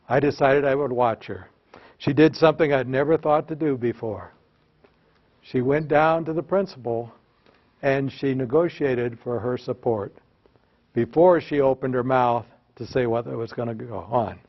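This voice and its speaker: Folksy man telling classroom stories. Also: a little high. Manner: folksy, joking, self-mocking anecdotes. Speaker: workshop presenter for teachers. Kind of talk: storytelling lecture with audience call-and-response. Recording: slightly dull lo-fi recording.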